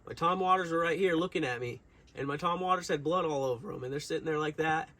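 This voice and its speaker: A man's voice: fairly high pitch, fast talker, bright, forceful tone. A young man telling a long story to his viewers in a casual, rambling way, full of fillers and restarts. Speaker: vlogger.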